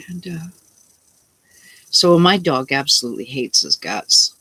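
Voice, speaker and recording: A middle-aged woman talks to her camera about her day, rambling and indignant. Her voice is bright and tired, since she is unwell. She keeps slipping into her own quoted lines as she tells the story. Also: extremely low pitch, very animated, moderate pace, vocal fry, husky, poor audio. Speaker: vlogger.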